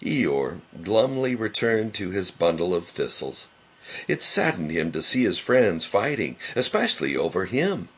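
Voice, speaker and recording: A man reads a children's storybook aloud, his lowish voice slightly husky. He moves his pitch a lot to keep the story lively. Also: unhurried. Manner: lively, expressive reading. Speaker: narrator. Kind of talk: storybook read-along narration.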